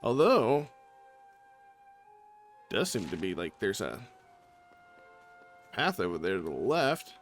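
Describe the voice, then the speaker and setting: A man's voice: fairly low pitch, big pitch swings, takes it slowly, pauses often. A man giving casual gameplay commentary as a let's play host, chatty and thinking aloud. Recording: faint game music behind.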